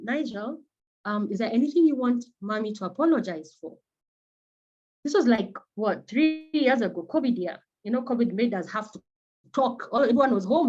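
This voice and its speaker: A Kenyan woman psychotherapist, a native Kimeru speaker, giving an animated and earnest talk built around personal stories. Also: on the high side, highs cut off. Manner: animated, acts out quoted voices, earnest.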